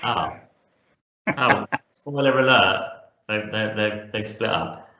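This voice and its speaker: A man's voice: fairly low pitch, slow pace, sharp tone. A man co-hosting a podcast, chatting casually and jokily about music and laughing easily. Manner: jokey, enthusiastic, laughs easily. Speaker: podcast co-host. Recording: echoey, dull lo-fi room.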